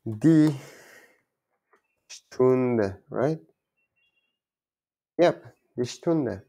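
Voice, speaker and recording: Slow, gravelly man teaching German. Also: mid-range voice, animated, mellow. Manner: halting, repeats words, self-correcting. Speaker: language learner teaching German basics. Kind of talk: informal self-taught lesson.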